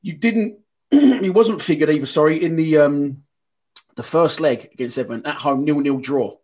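A man's voice: fairly high pitch, normal speed, a little mellow. A man hosting a casual interview, chatty and prompting his guest. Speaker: podcast host.

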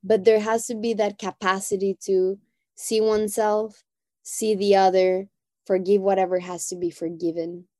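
A woman appears as a podcast guest in a reflective conversation, speaking in a heartfelt, thoughtful way and often adding "you know." Her voice is medium in pitch with a dark tone, and there's no echo.

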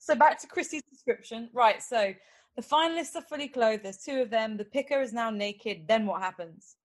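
A woman's voice: on the high side, moderate pace. Teasing woman podcast host. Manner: teasing, quizzing guests, animated. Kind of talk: casual chat.

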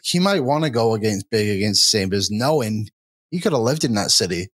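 A man co-hosting a live sports chat show, joking around in relaxed banter with fillers. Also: lowish voice, brisk, no echo, clean studio sound. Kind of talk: casual live-stream chat.

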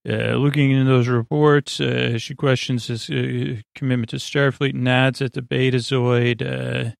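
Rambling man with a gravelly voice. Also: mid-range voice, little pitch movement, no room sound, clean studio sound. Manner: meandering, halting delivery with many "uh" fillers. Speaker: podcast host. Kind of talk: rambling episode recap for sleep.

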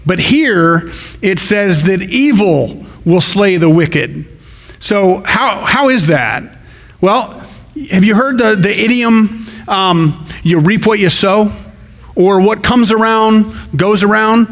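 A man's voice: high-pitched, takes it slowly, fairly bright tone. A man preaching a sermon as pastor, in a conversational way with folksy asides. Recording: long hall reverb.

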